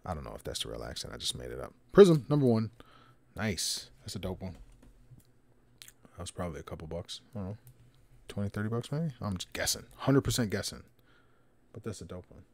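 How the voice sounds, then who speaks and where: A man hosting a card break, casually calling out players with slangy, excited remarks and muttered asides. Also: low voice, fairly quick, gravelly, long pauses, no room sound. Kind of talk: casual card-opening commentary.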